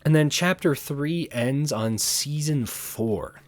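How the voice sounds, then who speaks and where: A man hosting his own channel, talking alone in a rambling, casual way, often correcting himself and trailing off quietly. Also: on the high side, slow pace. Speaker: channel host. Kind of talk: casual solo chat.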